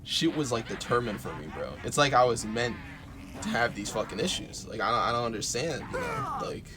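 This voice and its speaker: A young man talking unscripted about his own life, halting, with lots of fillers and casual swearing. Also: mid-range voice, huge pitch swings, background noise. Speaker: vlogger. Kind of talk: unscripted personal talk.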